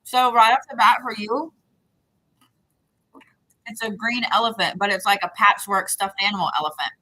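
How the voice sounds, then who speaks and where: A woman's voice: medium pitch, fairly even intonation, moderate pace, bright, forceful tone, poor audio. A woman giving intuitive readings to viewers on a live stream, talking in a rambling, repetitive, chatty way. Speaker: psychic reader.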